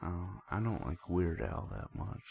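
A man's voice: deep voice, unhurried, gravelly, mellow, a little hiss or hum. A man co-hosting a podcast in casual, laid-back chat.

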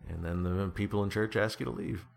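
Low-voiced rambling man in his thirties. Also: fairly even intonation, brisk, gravelly. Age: 30s. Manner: rambling, self-deprecating, jokey. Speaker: podcast co-host. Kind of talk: casual chat.

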